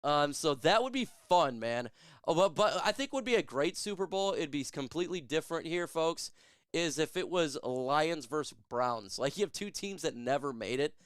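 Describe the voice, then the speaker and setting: A man's voice: a little high, expressive, normal speed, clean tone, no echo, clean studio sound. A man hosting a sports show, chatting casually and answering viewer questions in a joking, chatty way. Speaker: sports podcast host. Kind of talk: casual live Q&A chat.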